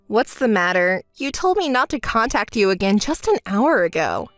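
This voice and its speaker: Woman narrator for a texting story, calm and scolding, lively pitch, dry close sound. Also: moderate pace, few pauses, no room sound, soft background music. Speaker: narrator and friend.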